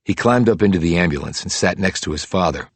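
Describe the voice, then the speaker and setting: A male audiobook narrator with a very deep, husky voice, reading a crime thriller in a steady, measured way. The recording is dry and close, with faint music underneath. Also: dry recording. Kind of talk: scripted narration.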